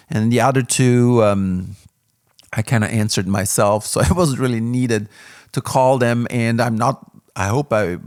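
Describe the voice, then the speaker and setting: A man's voice: mid-range voice, fairly even intonation, unhurried, smooth, no room sound, studio quality. A man casually reviewing an audio interface, candid and rambling, with plenty of fillers. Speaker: music gear reviewer.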